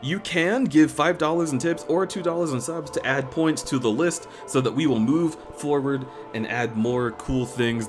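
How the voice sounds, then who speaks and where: A man streaming a game live, chatting with viewers and thanking them in an effusive, rambling way with restarts. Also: medium pitch. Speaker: variety streamer. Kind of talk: live-stream chat while gaming.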